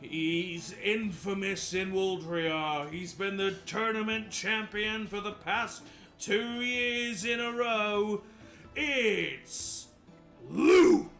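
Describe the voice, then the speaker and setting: A man voicing a male tournament announcer who calls out fighters with showy, drawn-out hype. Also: high voice, fairly bright tone, soft background music, pitched above the performer's own voice, exaggerated voice. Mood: hyping.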